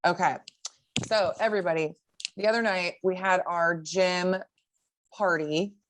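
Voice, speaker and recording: A woman co-hosting a podcast, telling a story in casual chat, animated and swearing, often breaking into laughs. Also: lowish voice, measured pace. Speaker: podcast co-host.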